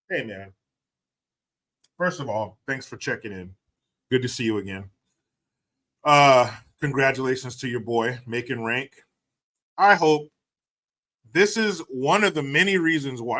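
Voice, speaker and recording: A man's voice: mid-range voice, animated, measured pace, bright, forceful tone. A man hosting a livestream who reads out viewer messages and banters in a joking, profane, laid-back way. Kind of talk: casual chat.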